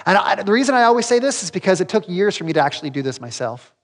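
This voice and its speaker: A man's voice: high voice, sing-song, racing, in a large hall. A man preaching a sermon as pastor, talking to the congregation in a direct, conversational and emphatic way. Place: church sanctuary.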